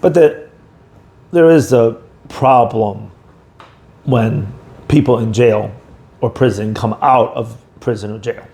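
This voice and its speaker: A man's voice: medium pitch, takes it slowly, vocal fry, pauses often, mellow. A man co-hosting a casual podcast, talking in a rambling way with lots of fillers. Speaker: podcast co-host. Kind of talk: casual chat. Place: indoor podcast room.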